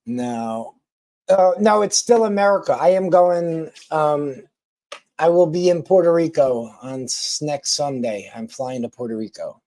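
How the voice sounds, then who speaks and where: A man talks slowly and loosely to his live-stream viewers. His voice is mellow and dark, recorded close and dry, and he wanders through his thoughts with frequent ums and restarts. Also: a little high, dry recording. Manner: rambling, many ums and restarts.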